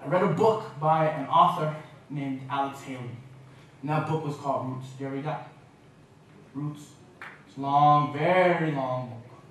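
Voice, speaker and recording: A man giving a university talk, telling an animated, self-mocking story. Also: fairly high pitch, moderate pace, long pauses, a little hiss or hum. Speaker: guest speaker. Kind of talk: lecture storytelling. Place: university lecture room. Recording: echoey lecture hall from far off.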